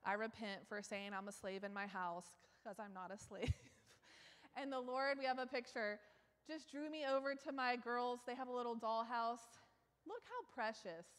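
A woman preaches in a chatty, self-mocking way, laughing often and rising to loud exclaims. Her voice sits a little high. Long church hall reverb trails after each phrase. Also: steady tone, moderate pace. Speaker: guest preacher. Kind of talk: sermon. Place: church sanctuary.

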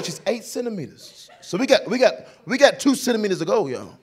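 A man with a Southern American accent tells a stand-up story, his fairly high voice leaping all over the place. He laughs as he goes and breaks into sudden shouts. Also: very animated, fairly quick, hardly any pauses, breathy edge. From North Carolina, USA. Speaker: comedian. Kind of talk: stand-up comedy.

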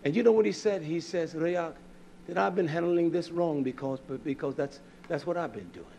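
A man preaching a fiery, scolding sermon that swings from loud outbursts to quiet asides. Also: fairly high pitch, normal speed, gravelly, slight background noise.

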